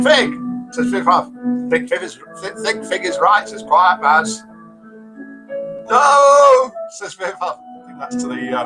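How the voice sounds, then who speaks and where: A man's voice: high voice, low-quality recording. An older man from the UK hosting a live show, chatty and jokey as he reads viewers' messages aloud. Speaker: host of a live interactive show. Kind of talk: live-stream chat reading viewer comments.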